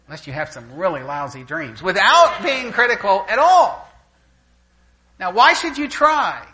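An older man preaching a sermon to a congregation, telling anecdotes in an animated way and laughing as he goes. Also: sits high, rough recording. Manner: animated storyteller who laughs through anecdotes. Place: church gathering with a live audience.

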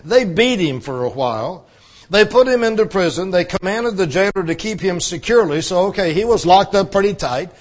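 A man's voice: high-pitched, animated, fairly quick. A male pastor preaching a conversational sermon, repeating phrases for emphasis.

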